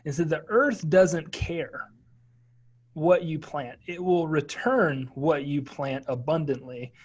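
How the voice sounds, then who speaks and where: A man's voice: a little high, takes it slowly. A man being interviewed, speaking earnestly and emphatically, often repeating words. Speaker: entrepreneur guest. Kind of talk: interview answers.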